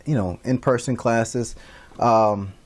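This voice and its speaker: Casting: male instructor, relaxed and rambling, mid-pitched voice. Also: takes it slowly. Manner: casual, rambling with many fillers and restarts. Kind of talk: recorded online lecture.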